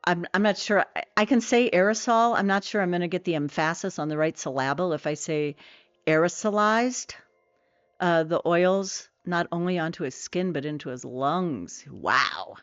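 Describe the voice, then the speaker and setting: A woman's voice: on the low side, normal speed, few pauses, dry recording, dull audio. A middle-aged woman streaming a game, chatting casually with viewers in a rambling way full of fillers and self-corrections.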